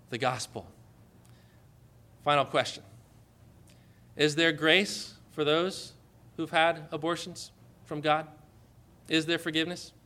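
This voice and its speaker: A man preaching a sermon with passion, building to emphatic, forceful proclamations. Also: on the high side.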